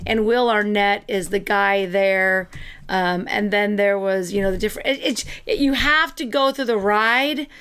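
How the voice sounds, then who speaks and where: A woman's voice: mid-range voice, a little slow, fairly bright tone, clear, resonant tone. A woman co-hosting a casual chat, talking in an enthusiastic, rambling way with many fillers. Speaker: co-host.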